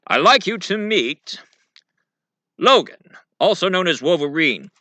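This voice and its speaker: A formal, proud mutant school leader, as a man puts him on, speaks in a raised, lifted voice. The sound is very bright and dry, with the mic close. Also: sits high, sing-song, a little slow, no room sound, pitched above the performer's own voice, heavily acted. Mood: eager. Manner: formal, introducing people.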